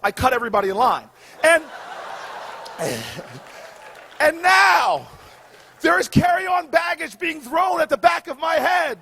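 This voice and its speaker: A man in his forties giving a humorous commencement speech, shouting his punchlines with a preacher-like call and response. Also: very high-pitched, big pitch swings, unhurried, vocal fry, long pauses, some chatter behind, a little hiss or hum. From United States. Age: 40s. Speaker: commencement speaker. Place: outdoor graduation ceremony stage.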